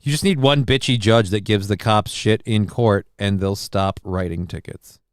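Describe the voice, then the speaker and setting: A man hosting a live call-in stream, reading out chat comments with dry deadpan humor, rambling and swearing casually. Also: lowish voice, moderate pace, clean tone, no room sound. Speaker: livestream host reading chat.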